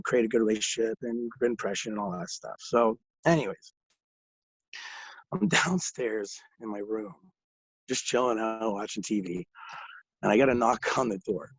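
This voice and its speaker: A young man from Ontario, Canada, appears as a podcast guest, telling profane stories with lots of laughter in casual talk. His mid-range voice is slightly rough and animated. The recording is dull, lo-fi, and dry with no room sound.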